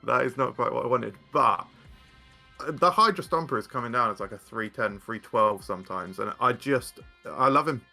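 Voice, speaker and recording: A man's voice: medium pitch, normal speed, creaky, bright, forceful tone, soft background music. A man chatting casually as a guest, rambling with frequent fillers and restarts. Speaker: guest card game content creator. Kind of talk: casual chat.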